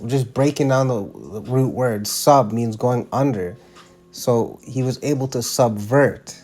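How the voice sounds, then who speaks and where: A man's voice: mid-range voice, darkish tone. A man giving casual religious commentary, emphatic and slangy, often restarting his sentences.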